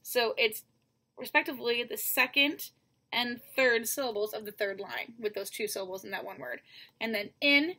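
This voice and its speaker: A woman's voice: fairly high pitch, moderate pace, sharp tone. A woman teacher giving a recorded lesson, patiently counting syllables one by one and speaking straight to her students. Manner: addresses students directly.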